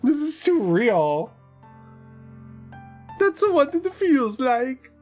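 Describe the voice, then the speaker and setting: A woman's voice: high voice, very animated, very slow, a little mellow, soft background music. A young adult woman streamer giving casual live commentary, laughing often and tossing out swearing, joking asides.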